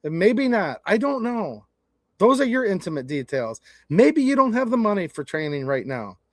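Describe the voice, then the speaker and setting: A man's voice: sits high, very animated, normal speed, no room sound, clean studio sound. A man hosting his own channel, talking bluntly and casually in a folksy way as he gives his opinions to camera. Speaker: channel host.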